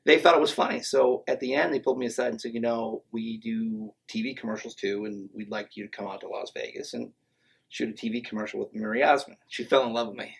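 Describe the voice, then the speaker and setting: A man's voice: mid-range voice, quick pace, gravelly, slightly rough, low-quality recording. Joking man telling tall tales. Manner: joking, self-mocking, deadpan tall tales. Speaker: podcast guest, triathlete. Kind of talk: casual joking storytelling. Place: podcast studio.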